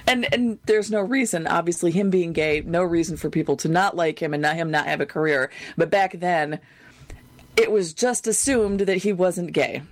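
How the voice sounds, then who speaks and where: A woman's voice: on the low side, normal speed, no room sound. Laughing, chatty middle-aged woman. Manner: laughs often, chatty and questioning. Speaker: podcast co-host. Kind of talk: casual chat.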